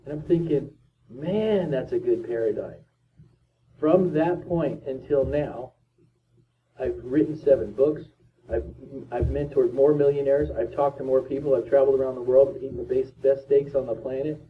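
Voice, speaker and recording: A man's voice: medium pitch, steady tone, moderate pace, slight background noise. A man in his fifties giving an emphatic, repetitive motivational talk as a speaker. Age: 50s. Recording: distant tinny lo-fi recording.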